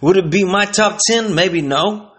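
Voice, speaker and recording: Man doing a smug pizza reviewer guy, kinda high and chipper, ums a lot. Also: a little slow, a bit bright. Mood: upbeat, appraising. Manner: mocking impression, hesitant and upbeat. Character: young male online pizza reviewer, smug and chatty.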